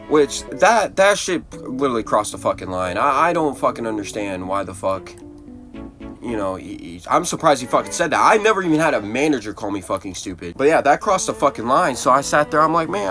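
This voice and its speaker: A man's voice: medium pitch, animated, a little fast. A young man telling a rambling, profane story in casual storytime style while gaming. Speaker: gaming video creator. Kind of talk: casual storytime over gameplay. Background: guitar music.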